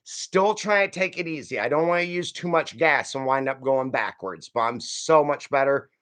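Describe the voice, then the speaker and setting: A man's voice: medium pitch, animated, moderate pace, fairly bright tone. A man hosting a casual live stream, rambling and folksy as he reads out viewer comments and answers them. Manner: folksy, calls viewers friend and y'all.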